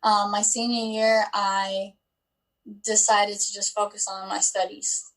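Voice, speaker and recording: A woman's voice: mid-range voice, flat delivery, a little slow, a bit bright, rough recording. A woman in her twenties, a guest in an interview, telling her story in a chatty way with lots of likes and ums. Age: 20s.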